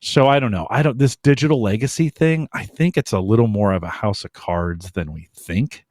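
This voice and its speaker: A man's voice: lowish voice, normal speed, darkish tone, no room sound. A man co-hosting a podcast in casual chat, talking emphatically and giving strong opinions on a close mic. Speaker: podcast co-host.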